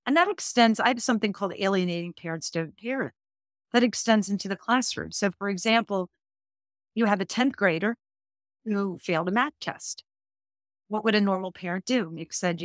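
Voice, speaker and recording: A woman's voice: medium pitch, normal speed, dry recording, studio quality. A woman speaking as a divorce coach guest on a podcast interview, earnest and emphatic, stacking her points in lists.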